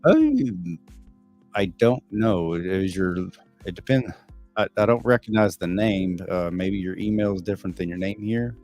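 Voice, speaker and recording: Middle-aged Texan man, very low voice, blunt and cussing livestream host, faint music underneath. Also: animated, normal speed, darkish tone. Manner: candid, blunt and profane, answering viewers off the cuff. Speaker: livestream host reading chat. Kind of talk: casual live stream chat.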